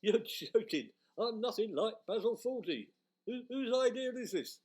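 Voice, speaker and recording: A man's voice: high voice, animated, a little mellow. A British man playing a pompous, touchy middle-aged hotel owner in a comic radio sketch. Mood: indignant. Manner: indignant, huffy, quick to take offence.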